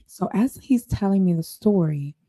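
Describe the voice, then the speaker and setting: A woman's voice: mid-range voice, animated, normal speed, warm tone. A woman hosting a talk show, telling a story in a sassy, confident, emphatic way. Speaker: podcast host. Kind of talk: storytelling monologue.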